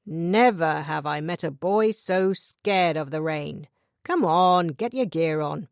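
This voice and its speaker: A woman voicing a stern, forceful middle-aged father in an audiobook, speaking in a commanding, gruff way. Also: low voice, slow pace, dry recording, clean studio sound, full character voice. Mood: gruff scolding.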